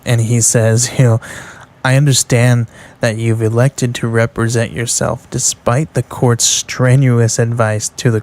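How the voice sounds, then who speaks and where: A man hosting a podcast, recapping comic book panels in a casual, rambling way with many fillers and restarts, reading lines out loud. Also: medium pitch. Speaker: podcast host reviewing comic books.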